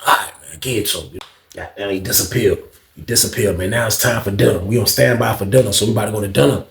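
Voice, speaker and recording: A man's voice: fairly low pitch, quick pace, vocal fry, a bit bright. A man telling a story in a casual, slangy, rambling way, speaking straight to his listeners. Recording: echoey room.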